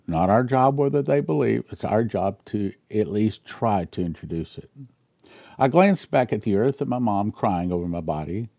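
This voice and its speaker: Gravelly earnest male pastor. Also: fairly low pitch, expressive, normal speed, dry recording, clean studio sound. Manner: earnest, grows emotional and quiet when telling a personal story. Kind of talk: sermon reading a dream account aloud.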